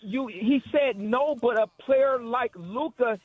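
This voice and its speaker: A man's voice: extremely high pitch, takes it slowly, no echo. A man calling in to a sports radio show, insistent and arguing his point. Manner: insistent, argumentative. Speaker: caller. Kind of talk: call-in radio talk. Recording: tinny dry phone line.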